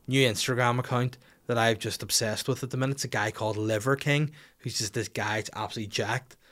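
A man's voice: lowish voice, fairly bright tone. A young man hosting a comedy podcast, swearing freely and acting out little scenes as he rants. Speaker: podcast host.

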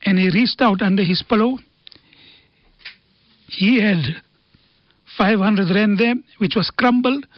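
A man's voice: sits high, slow pace, long pauses, dry recording. A man speaking as a radio guest, telling stories and quoting Arabic sayings in an earnest talk on faith and family. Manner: earnest storytelling with Arabic quotations. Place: radio studio. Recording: dull dry radio studio sound.

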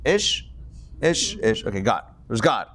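A man's voice: medium pitch, very animated, measured pace, a bit bright. A man teaching a Torah class to a live audience, chatty and joking, with a lot of digressions.

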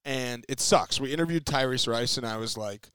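A man co-hosting a podcast in energetic, talkative casual chat on a close mic. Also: mid-range voice, moderate pace, clean tone, no echo. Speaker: podcast co-host.

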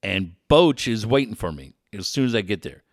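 A middle-aged man telling radio stories in casual chat, animated and profane, laughing often. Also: lowish voice, normal speed, no room sound.

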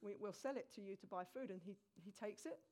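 Her voice mid-range and her pace fast, a woman preaches a sermon, animatedly recounting a scripture story in a conversational tone directed at the congregation.

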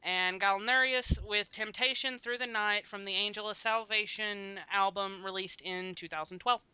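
Bright, crisp-voiced woman podcast host. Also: mid-range voice, steady tone, normal speed, no room sound, dull audio. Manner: chatty, laughs often, many fillers. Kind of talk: casual music podcast chat.

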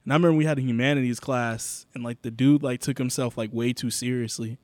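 A man's voice: mid-range voice, steady tone, fast talker, darkish tone, no room sound. A young man co-hosting a podcast, telling a story in loose, profane, filler-heavy talk. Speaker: podcast co-host. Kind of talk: casual storytelling chat.

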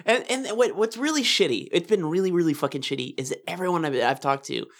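A woman co-hosting a casual podcast, telling stories in an animated, profane rant. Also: fairly low pitch, quick pace, soft background music. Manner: animated ranting, swears often, laughs through stories. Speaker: podcast co-host.

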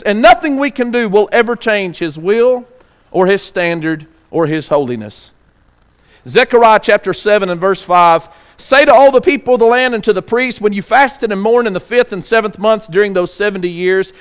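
A pastor delivering a sermon, asking the congregation rhetorical questions and reading scripture aloud. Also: male voice, high-pitched, fairly bright tone, clear, resonant tone. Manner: reads scripture aloud slowly.

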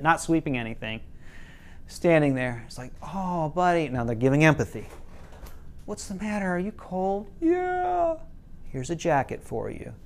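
A middle-aged man teaching a parenting class, telling a story with quoted lines in a casual way. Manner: casual, quotes parents and kids in lowered voices, some restarts.

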